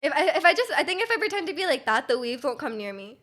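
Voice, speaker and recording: A woman's voice: sits high, big pitch swings, fast, bright, forceful tone. A young Canadian woman streaming live, chatting casually with her viewers, giggling and rambling with many restarts.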